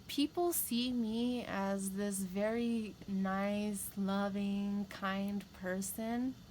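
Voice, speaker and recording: A woman tarot reader talks openly to her viewers in a casual, rambling way, sometimes repeating herself for emphasis. Her voice sits at an ordinary middle pitch. A faint noise stays under the recording. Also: steady tone, extremely slow, a little mellow, rough recording. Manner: candid, rambling, with emphatic repetition. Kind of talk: casual spiritual talk to camera.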